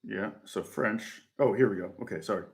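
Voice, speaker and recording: A man's voice: fairly low pitch, normal speed, creaky. Rambling, chuckling middle-aged man. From Indiana, USA. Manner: rambling, chuckles often, many fillers and restarts. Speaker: guitar teacher. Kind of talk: casual live-stream lesson chat.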